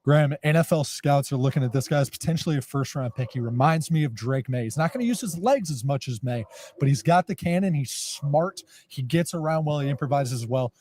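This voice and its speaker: A man's voice: fairly high pitch, expressive, a little fast, darkish tone. A young man hosting a college football talk show, making emphatic, upbeat points. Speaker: sports show host. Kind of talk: sports analysis chat.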